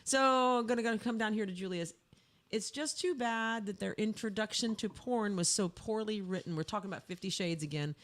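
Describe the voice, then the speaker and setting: A woman's voice: mid-range voice, a little fast. A woman co-hosting a livestreamed podcast in a casual chat, easygoing and reading out viewer comments. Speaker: co-host.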